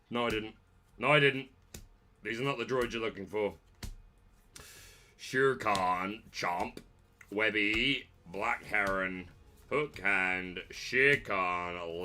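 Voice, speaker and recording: A low-pitched man who hosts a trading card channel opens packs with casual commentary. He's excitable, throwing out jokey trash talk punctuated by sudden shouts.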